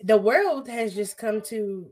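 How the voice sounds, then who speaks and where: A woman's voice: mid-range voice, lively intonation, slow pace, a little mellow. A young woman talking in casual podcast chat, blunt, profane and emphatic.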